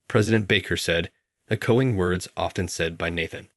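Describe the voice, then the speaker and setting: A man reads a first-person story in a measured, scripted narration. His voice sits very low, and the recording is dry and close-miked. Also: fairly bright tone, no echo.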